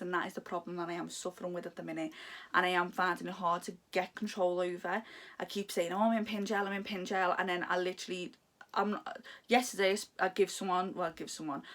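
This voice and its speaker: A woman's voice: medium pitch, vocal fry. A young woman vlogging at home, talking in a heartfelt, confiding, rambling way about her life. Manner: heartfelt, confiding, talks in long rambling runs. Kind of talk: candid personal vlog chat. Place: home room.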